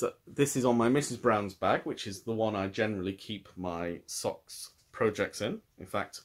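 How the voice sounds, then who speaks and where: Low-voiced British man chatting about knitting. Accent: British English. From United Kingdom. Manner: thoughtful, rambling, with frequent restarts. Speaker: knitting podcast host. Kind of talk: casual chat.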